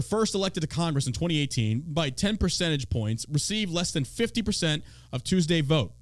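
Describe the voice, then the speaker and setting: On his podcast, a man from Texas tears into politics with mockery and free-flowing profanity. His voice runs a little high, recorded without echo.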